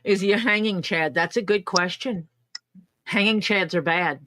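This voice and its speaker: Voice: mid-range voice, normal speed, sharp tone, dry recording. Dry-voiced livestream co-host. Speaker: podcast co-host. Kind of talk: casual livestream chat.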